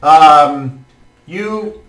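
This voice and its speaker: Male game master, descriptive and halting, recorded at a distance in a roomy space. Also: on the high side, a bit bright. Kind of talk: narrating a tabletop game. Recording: roomy room, mic far off.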